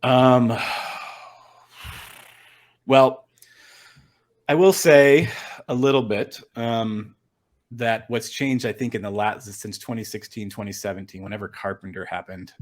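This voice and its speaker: A middle-aged man talking as a guest on a casual podcast, rambling and earnest with lots of fillers and restarts. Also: fairly low pitch. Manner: rambling, filler-heavy storytelling with many restarts; earnest and open about his feelings. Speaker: storm chaser and photographer, podcast guest.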